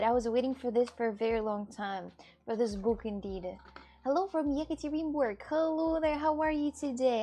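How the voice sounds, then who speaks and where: A woman's voice: fairly high pitch, mellow, a little hiss or hum. A young woman livestreaming, chatting casually with her viewers and often repeating herself. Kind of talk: casual chat with live viewers.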